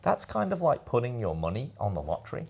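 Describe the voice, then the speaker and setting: A man's voice: mid-range voice, wildly swooping pitch, fast talker, gravelly, mellow, husky. A man hosting a podcast, telling a loose, rambling story full of "anyway" and "I said" in casual chat. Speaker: podcast host.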